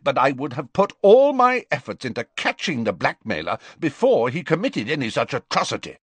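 A man voicing an irritable middle-aged prime minister, sharp and sarcastic, in an audiobook. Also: medium pitch, wildly swooping pitch, moderate pace, breathy edge, no room sound, pitched above the performer's own voice. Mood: furious. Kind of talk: audiobook character voice.

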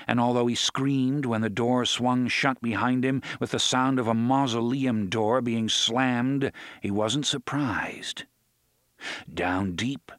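A man's voice: mid-range voice, no room sound. Dry, close-miked male audiobook narrator. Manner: dramatic, with slowed emphasis on dark details.

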